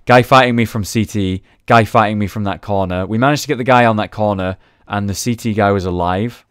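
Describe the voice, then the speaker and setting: Low-voiced young man commenting on gameplay. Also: fairly quick, clear, resonant tone, dry recording, studio quality. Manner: chatty, swears casually, recaps rounds. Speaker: gaming video host.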